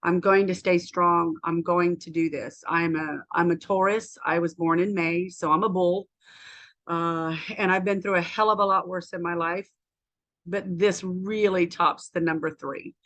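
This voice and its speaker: A woman's voice: fairly low pitch, steady tone, a little slow, a bit bright. An American woman in her fifties vlogs about her own life. She talks in a candid, rambling way with plenty of feeling. Her voice is that of a health coach chatting with viewers. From United States. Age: 50s. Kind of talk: casual personal vlog.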